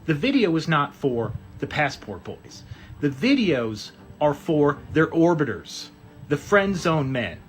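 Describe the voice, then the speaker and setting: A man's voice: a little high, sing-song, takes it slowly, soft background music. A man narrating commentary, posing rhetorical questions. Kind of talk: voiceover commentary.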